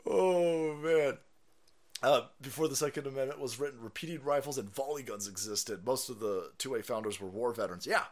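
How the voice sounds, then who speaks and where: A man hosting a livestream, ranting profanely, laughing and swinging from mutters to shouts. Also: medium pitch, fairly quick. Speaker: live stream host. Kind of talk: profane political rant on a livestream.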